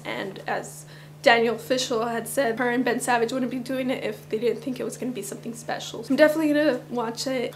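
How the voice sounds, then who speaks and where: Woman vlogger, slightly raised pitch, groggy cracking morning voice, chatty rambling delivery. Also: slight background noise. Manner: chatty, rambling, with little laughs. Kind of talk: casual fan countdown chat.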